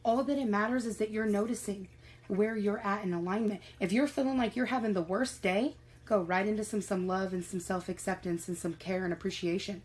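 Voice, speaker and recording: A woman gives a spiritual reading to her viewers, in an encouraging tone that keeps coming back to the same phrases. Her voice sits at an ordinary middle pitch for a woman. Now and then she swears in passing, casual and unguarded. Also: fairly even intonation, brisk, a little mellow, poor audio. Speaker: tarot reader.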